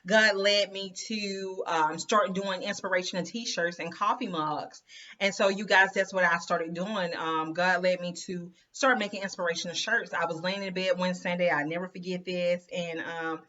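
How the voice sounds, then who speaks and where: The host of an inspirational women's channel tells her story to viewers in a chatty, emphatic way, often calling them "you guys" and "girl." Her voice is fairly low with a sharp tone, and the sound is lo-fi.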